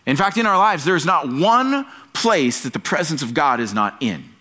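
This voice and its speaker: A man preaching a sermon at a church service in an earnest, emphatic way, driving his key phrases home by repeating them. His voice is bright and forward. His pitch rises and falls widely as he preaches. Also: very animated, moderate pace. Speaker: pastor.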